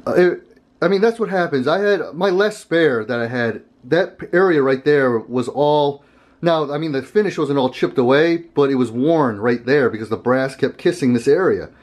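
A man's voice: medium pitch, animated, normal speed. A man hosting a casual gun vlog, talking to camera in a rambling, conversational way and chuckling often. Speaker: gun channel host.

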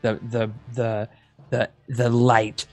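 A man playing a tabletop game, describing his character's moves in a hesitant, halting way with repeated words. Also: medium pitch, completely flat delivery, darkish tone, faint music behind. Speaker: player. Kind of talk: tabletop role-play.

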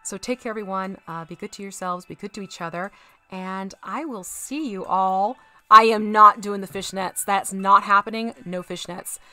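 Bright-voiced chatty woman streamer. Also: medium pitch, normal speed. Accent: American Southern. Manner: chatty, giggly, talks to chat while painting. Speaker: miniature painting streamer. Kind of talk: casual live-stream chat with viewers. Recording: faint background music.

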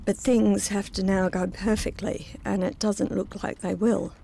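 A woman's voice: mid-range voice, little pitch movement, a little slow, gravelly, dark tone, a little hiss or hum. A middle-aged woman narrating her own memoir in a reflective, intimate first-person telling.

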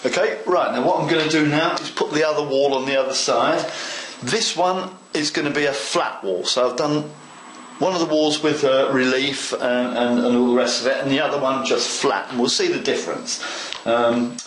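A man's voice: medium pitch, moderate pace, fairly bright tone, roomy sound, a little hiss or hum, poor audio. A man hosting a model railway tutorial, chatting eagerly to the viewer as he works through a hands-on craft demonstration. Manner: chatty and enthusiastic, talks to the viewer.

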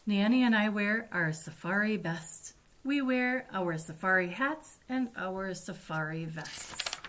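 A woman librarian reading picture books aloud to children at story time, with a gentle, deliberate delivery. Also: mid-range voice, lively intonation.

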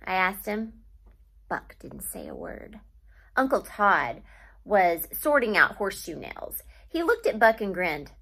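A woman teacher reading a children's novel aloud to her class, with steady storytelling and pauses to name literary devices. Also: medium pitch.

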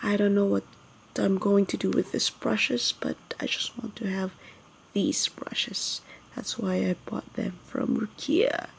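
A young woman from the Philippines in a whispered haul vlog, talking softly and excitedly at home late at night. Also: medium pitch, a little slow, gravelly. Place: home at night, others asleep.

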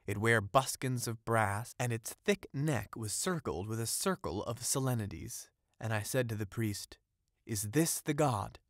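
A man narrating an audiobook of a classic fairy tale, in a steady, ornate storytelling read on a close mic. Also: fairly low pitch, measured pace, no room sound.

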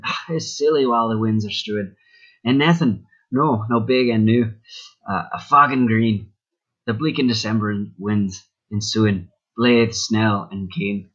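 A man's voice: on the low side, a bit bright, husky. A man reciting an old poem in a put-on Scottish brogue, with a rolling, lilting delivery that draws out the words. The recording sounds dull and lo-fi. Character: male reader reciting old Scottish verse.

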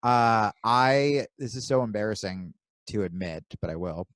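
A man from New Jersey co-hosting a podcast, telling animated stories with plenty of swearing and acting out his own inner voice. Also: on the low side, unhurried. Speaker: podcast co-host. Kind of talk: casual chat.

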